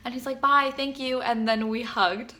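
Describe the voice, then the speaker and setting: A young woman vlogging to camera, gushing and rambling as she tells a story, full of "like" and fan excitement. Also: a little high, moderate pace, slight background noise.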